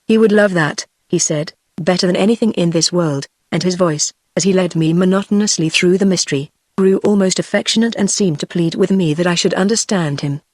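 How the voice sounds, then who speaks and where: A text-to-speech woman's voice with a British English accent, reading a classic story as an audiobook narrator in an even, steady way. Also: fairly low pitch, a little fast, hardly any pauses, no room sound, clean studio sound.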